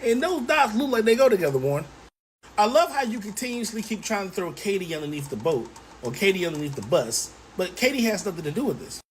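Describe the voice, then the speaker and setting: Animated woman true-crime commentator. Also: mid-range voice, quick pace, a little hiss or hum. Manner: animated, rhetorical questioning, sarcastic.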